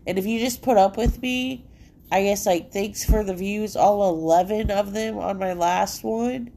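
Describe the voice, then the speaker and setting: This solo podcast host talks from home at an unhurried pace, her medium-pitched voice gravelly and mellow, her nose congested. She rambles casually and profanely, saying "like" over and over.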